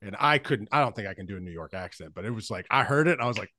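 A man's voice: fairly low pitch, expressive, racing, bright, forceful tone, no room sound, clean studio sound. A man hosting a casual podcast, telling rambling stories, swearing freely and laughing often. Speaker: podcast host.

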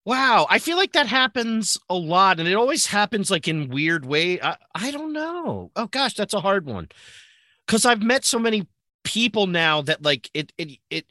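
Guy in his 40s being interviewed, excitable, laughs a lot, dry close sound. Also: sits high, moderate pace, dry recording. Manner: excitable, laughs often, many restarts. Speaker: interview guest. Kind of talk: casual interview.

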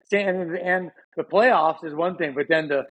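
A man's voice: fairly high pitch, moderate pace, slightly rough, low-quality recording. A young man on a casual podcast who teases his co-host in a wry, dry way. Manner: wry and teasing. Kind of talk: casual chat.

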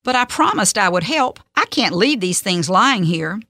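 A woman's voice: medium pitch, very animated, moderate pace, bright, forceful tone, no echo, studio quality. A woman voicing an eager ordinary man who sets out to carry a load for God, in a storybook reading. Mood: strained.

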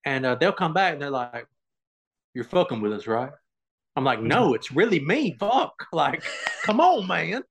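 A man's voice: fairly high pitch, very animated, normal speed, vocal fry, a bit bright, slight background noise. A man talking casually as a podcast guest, swearing freely and laughing as he tells stories about fans. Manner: swears a lot, laughs while telling stories. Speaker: guest, online comedian.

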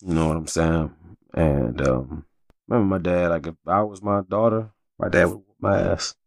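A man's voice: low voice, moderate pace, vocal fry, dry recording. A man hosting a casual solo podcast, talking candidly and with plenty of swearing as he rambles through stories. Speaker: podcast host.

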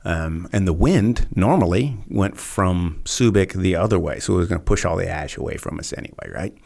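A man's voice: deep voice, expressive, moderate pace, creaky, a little mellow. A man in his fifties, a former Navy SEAL guest on a podcast, telling laid-back anecdotes full of fillers and quoted voices. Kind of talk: casual storytelling interview.

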